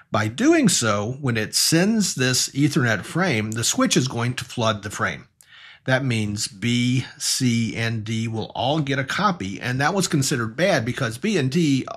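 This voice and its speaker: A man's voice: medium pitch, pushed and bright, slightly rough. A man teaching a recorded networking lesson, walking through diagrams step by step in an explanatory way. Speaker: networking instructor.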